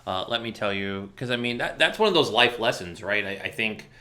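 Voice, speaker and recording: A man's voice: on the low side, expressive, a little fast, pushed and bright. A man hosting an interview, responding to his guest in an affirming, conversational way. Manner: affirming, conversational, many restarts. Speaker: host. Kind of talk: interview chat.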